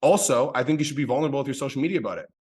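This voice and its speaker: A man's voice: mid-range voice, expressive, a little mellow, breathy edge. A man coaching a group on a call, profane, emphatic and pumped up. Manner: fast, profane, hyped, emphatic.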